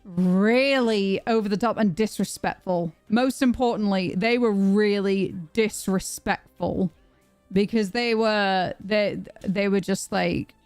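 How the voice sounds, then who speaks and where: A young British woman streaming, telling a story to her chat in a chatty, animated way with plenty of restarts. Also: medium pitch, takes it slowly, clear, resonant tone, dry recording, faint music behind. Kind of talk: casual storytelling to a live chat.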